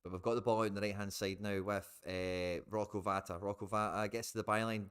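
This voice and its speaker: A man's voice: on the low side, steady tone, brisk, few pauses, a bit bright, clean tone. A man with a Scottish accent giving chatty live commentary on a football match to his stream viewers, now and then swearing.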